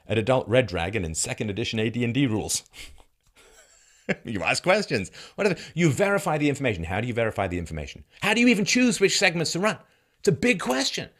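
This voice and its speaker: A man hosting a commentary monologue, mid-pitched but with a very animated, swooping delivery. He fires off rhetorical questions with sarcasm and frequent chuckles. His tone drops into low, grave stretches between loud, mocking peaks. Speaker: commentary show host. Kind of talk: commentary monologue reacting to a news segment.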